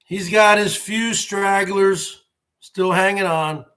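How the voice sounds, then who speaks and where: A man's voice: high-pitched, steady tone, slow, sharp tone. A man in his forties hosting his own show, ranting sarcastically in a casual, repetitive way. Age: 40s. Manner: sarcastic, emphatic, repeats himself. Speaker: show host. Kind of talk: casual livestream rant.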